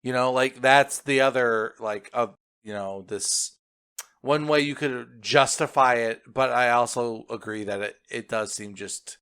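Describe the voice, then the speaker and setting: A man co-hosting a podcast, chatting casually and agreeably, often halting and trailing off mid-thought. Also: mid-range voice, fairly bright tone, clear, resonant tone. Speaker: podcast co-host. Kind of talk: casual film review chat.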